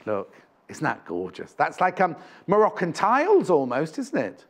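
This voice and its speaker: A man's voice: fairly high pitch, wildly swooping pitch, moderate pace, fairly bright tone. A man presenting live on a shopping channel, chatting and rambling between prices and correcting himself as he goes. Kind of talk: live TV selling chat. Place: TV studio.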